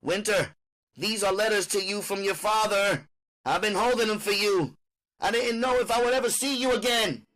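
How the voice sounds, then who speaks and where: A man voicing a strung-out middle-aged mother who begs and teases in a high, sing-song voice. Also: moderate pace, a bit bright. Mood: wheedling.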